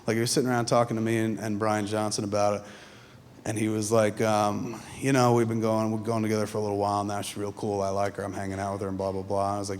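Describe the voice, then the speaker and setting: A filmmaker telling profane, animated stories live on a theatre stage, mimicking his friends in quick quoted asides. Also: lowish voice, a little hiss or hum. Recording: reverberant theatre hall, faint ambience.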